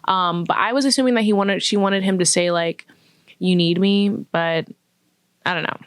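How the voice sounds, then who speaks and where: A woman's voice: lowish voice, normal speed, clean tone, dry recording, studio quality. A young woman vlogger chatting casually about a film, saying "like" often and acting out lines. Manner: chatty, says "like" often, acts out quotes. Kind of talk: casual chat.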